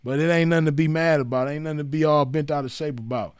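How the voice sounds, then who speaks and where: A commentator delivers a casual monologue to camera, mocking someone in relaxed, profane street slang peppered with "man" and "you know what I mean." His voice is on the high side, steady and quick, clear and resonant, in echo-free studio sound.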